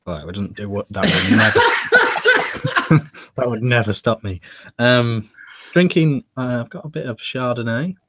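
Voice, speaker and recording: A British man co-hosting a casual chat show, telling jokey stories in a relaxed way with fillers. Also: mid-range voice, a little slow, long pauses, slight background noise. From United Kingdom. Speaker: podcast co-host.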